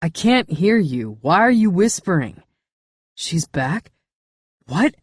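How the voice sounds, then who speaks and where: A woman's voice: low-pitched, sing-song, very slow, breathy edge, no echo, clean studio sound, full character voice. A woman voicing a young man who is caught out, flustered and panicky. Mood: confused.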